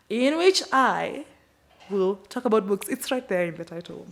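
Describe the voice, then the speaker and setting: At a normal pace and in a mid-range voice, this book channel host, who has a Kenyan accent, casually recaps the books she read this month. She keeps it chatty with playful, slangy remarks.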